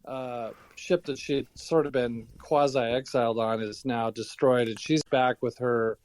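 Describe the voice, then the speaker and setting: A man's voice: mid-range voice, steady tone, unhurried, no echo, low-quality recording. Man casually recapping on a podcast. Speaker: podcast co-host. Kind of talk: casual book discussion.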